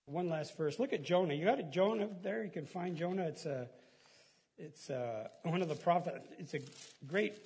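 A middle-aged man giving a casual, folksy sermon as a pastor, chatty and quick to laugh at his own stories. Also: a little high, a little mellow, husky.

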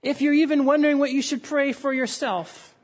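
A man's voice: very high voice, steady tone, fairly quick. A man preaching a sermon, telling a story with dramatic rises and falls. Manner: dramatic storytelling, voices raised for the crowd.

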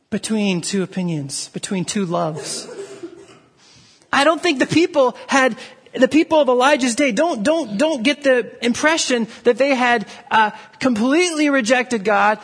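A man preaching a sermon, telling a story with many restarts and fillers, and dropping to a low, quiet voice for emphasis. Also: breathy edge. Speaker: pastor.

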